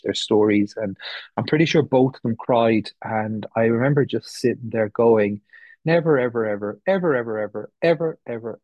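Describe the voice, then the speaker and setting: Sharing his recovery story in a meeting room, this thirtysomething man from the west of Ireland talks with an Irish accent, candidly and rambling, with many fillers and restarts. His voice sits on the low side with a darkish tone, recorded dry.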